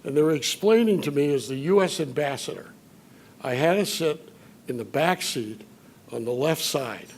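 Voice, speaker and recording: An older man from Chicago giving an after-dinner speech, telling anecdotes with dry humor and filler pauses. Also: fairly high pitch, expressive. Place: banquet hall at a dinner event.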